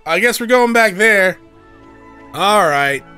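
A man's voice: sits high, takes it slowly, long pauses, clear, resonant tone, faint music behind. A young man casually commenting as he plays a story game, joking and laughing as he goes. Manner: joking, animated, laughs often. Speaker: let's play host.

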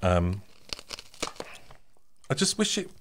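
A man's voice: sits low, very animated, slow pace, background noise. A man co-hosting a casual podcast, chatty and laughing often as he introduces snacks and a guest. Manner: chatty, laughs often, reads show plugs. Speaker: podcast co-host.

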